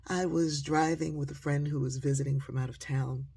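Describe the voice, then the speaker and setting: Gravelly, husky woman telling a story. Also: sits low, normal speed. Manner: lively storyteller who acts out quoted voices. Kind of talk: storytelling straight to the audience.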